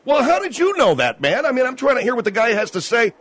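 Man, radio host, animated pitch, dry studio sound, exasperated. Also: no echo. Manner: exasperated, quick to cut callers off. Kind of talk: talk radio hosting.

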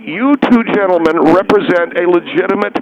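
A man's voice: sits high, fairly quick, natural voice. An actor playing a self-important male caller in a radio comedy sketch, pompous and flustered, stumbling over his words. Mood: blustery. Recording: muffled radio broadcast with crowd noise.

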